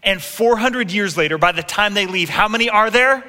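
A man preaching in a large church hall, his voice carrying a long reverb. He tells the story with energy, slips into quoted voices and turns to the congregation with asides. His tone is bright and a little high. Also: moderate pace. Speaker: pastor. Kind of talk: sermon.

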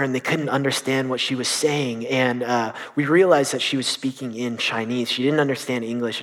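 A young man in youth ministry telling a story during a sermon, earnest and halting, with many restarts. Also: medium pitch.

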